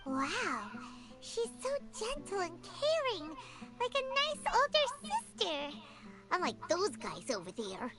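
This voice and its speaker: A tiny, chirpy floating fairy companion in a video game. The voice is squeaky and extremely high and swoops wildly. Game music plays beneath her. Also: wildly swooping pitch, slow pace, exaggerated voice. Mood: admiring. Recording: game audio with music behind.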